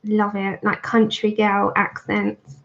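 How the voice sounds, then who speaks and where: Speaking slowly in a medium-pitched monotone, a woman colours while chatting casually to her livestream viewers and thanking them by name. The stream audio is dull and lo-fi.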